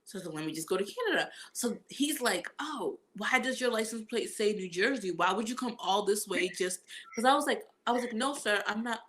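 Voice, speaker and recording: A woman chatting casually and telling a story with animated energy, acting out what others said to her and laughing along. Her voice has a bright, forward ring. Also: medium pitch, brisk. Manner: animated storytelling, acts out quotes, laughs often. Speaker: guest vlogger. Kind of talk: casual chat.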